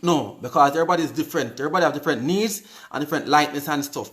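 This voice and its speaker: A man's voice: a little high, racing, fairly bright tone. A Jamaican man hosting a live stream, chatting casually and reading out viewers' comments, often repeating his words. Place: indoors on live video.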